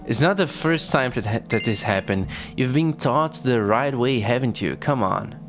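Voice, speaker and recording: A streamer chatting casually and reading a text game aloud with animated reactions. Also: mid-range voice, moderate pace, music in the background.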